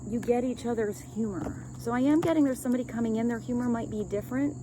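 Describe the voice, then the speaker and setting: A woman's voice: on the high side, quick pace, noisy background. A woman giving a casual, rambling love reading as a tarot reader, chatting with light laughs.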